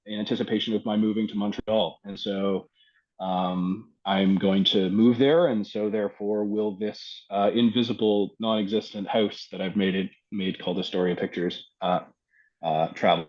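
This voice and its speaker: A man from Canada, a poet and filmmaker, talking thoughtfully in an interview with frequent ums and pauses. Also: lowish voice, highs cut off. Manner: reflective, hesitant with many ums. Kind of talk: casual interview talk.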